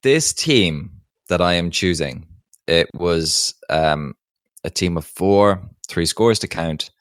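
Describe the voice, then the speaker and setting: A man with a very low voice talks with emphatic enthusiasm, co-hosting a casual podcast. The sound is dry and close, with no room at all. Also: animated, takes it slowly, no room sound. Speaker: podcast co-host.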